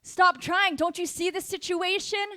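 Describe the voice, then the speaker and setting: A woman's voice: fairly even intonation, a little slow, dry recording, clean studio sound, full character voice. A woman voicing a chorus of scornful doubters who taunt a believer, in a sermon. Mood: mocking. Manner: taunting, high and sharp.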